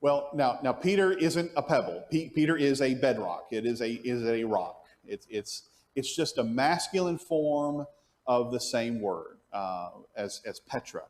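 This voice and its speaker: A man's voice: mid-range voice, expressive, a little slow, a little mellow. A man teaching an adult Bible class at church. He asks the class questions, answers them himself, and often restarts his sentences as he thinks aloud.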